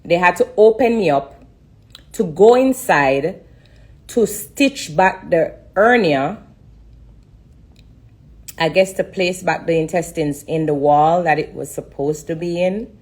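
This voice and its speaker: A woman giving an emotional personal testimony on a live stream, halting and repeating herself with many pauses and fillers. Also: lowish voice, a little mellow.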